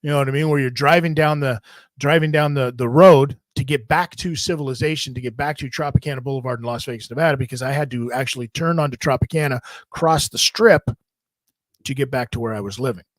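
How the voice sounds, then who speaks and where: A man hosting a podcast, telling a long story in a rambling, profane, animated way. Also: medium pitch, fast talker, no room sound. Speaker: podcast host. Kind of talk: casual storytelling.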